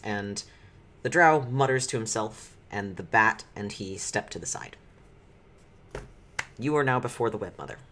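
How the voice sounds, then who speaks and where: A man's voice: lowish voice, unhurried, long pauses, a bit bright, a little hiss or hum. Man narrating as tabletop game master.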